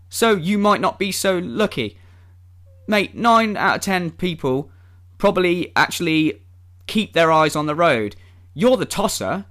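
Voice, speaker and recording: Animated, sweary vlogger ranting. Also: male voice, high-pitched. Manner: sarcastic, sweary, exasperated. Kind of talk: ranting commentary vlog.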